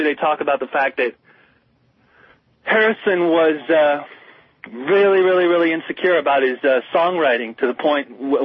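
A man's voice: on the high side, breathy edge, no echo. A man co-hosting a radio talk show, chatting casually about music in an emphatic, rambling way with many restarts. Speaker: radio co-host. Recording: slightly muffled radio broadcast.

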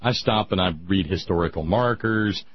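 A man with a husky, somewhat breathy voice, chatting on a radio show. He goes from easy talk to loud, pointed ranting. The sound is dry and a bit dull, like a radio broadcast. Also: low voice, moderate pace, no room sound. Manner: ranting, rising to loud emphatic peaks.

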